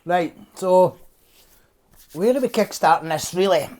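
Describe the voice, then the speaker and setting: A woman's voice: on the low side, lively intonation, measured pace, darkish tone. A Scottish woman hosting a casual podcast at home, telling stories with frequent laughter and swearing. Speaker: podcast host. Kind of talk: casual chat.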